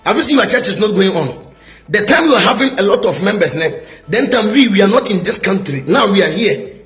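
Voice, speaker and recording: A man's voice: high voice, expressive, a little fast, a bit bright, faint music behind. A middle-aged man with a Ghanaian English accent, a prophet scolding a rival in a heated video response, full of rhetorical questions.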